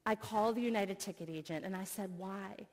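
A middle-aged woman, a professor, giving an earnest sermon full of personal stories and expressive retelling. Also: medium pitch, moderate pace. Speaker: speaker, professor. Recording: long reverb of a hall.

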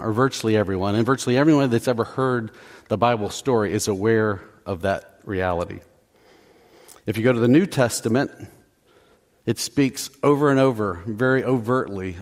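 Man, middle-aged, preaching in church, lowish voice, casual and self-mocking. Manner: conversational, self-deprecating, repeats "okay?" to the congregation. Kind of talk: sermon. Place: church sanctuary.

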